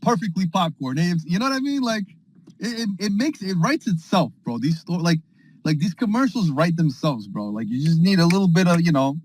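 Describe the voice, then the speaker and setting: A man chatting casually from a parked car, telling a rambling, excitable story packed with fillers and slang. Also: on the high side, a little fast, slight background noise, poor audio. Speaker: space participant. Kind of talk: casual chat.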